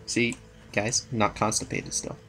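A man's voice: lowish voice, level tone, measured pace, pushed and bright, faint music behind. A young man rambling casually as he comments on his own gameplay. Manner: rambling, mumbling, playful asides. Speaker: gaming channel host.

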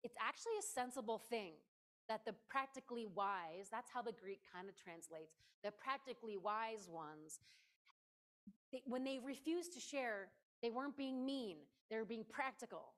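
A woman's voice: fairly high pitch, expressive, normal speed, a bit bright. A woman preaching a conversational sermon in a church, playful and emphatic, often stopping to speak directly to her listeners.

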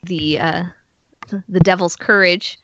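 Bright, bubbly woman on a dry lo-fi mic. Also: lowish voice, steady tone, slow pace, dry recording. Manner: hesitant, with many ums, and bubbly. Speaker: guest. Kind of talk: casual podcast chat.

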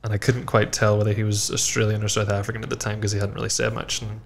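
A man, a working actor and podcast guest, talking in a halting, casual way with many restarts and filler words. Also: fairly low pitch, flat delivery, vocal fry, slight background noise. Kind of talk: casual chat.

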